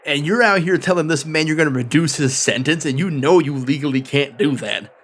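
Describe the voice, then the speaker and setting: A man voicing an angry, gruff prison guard captain who curses a lot. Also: on the high side, brisk, a bit bright. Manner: gruff, cursing.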